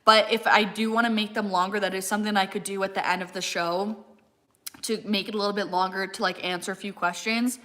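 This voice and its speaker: A young fitness content creator chats casually on a live stream while eating, reading viewer comments aloud and saying "like" constantly. Her medium-pitched voice has a steady, fairly bright tone, and she talks a little fast.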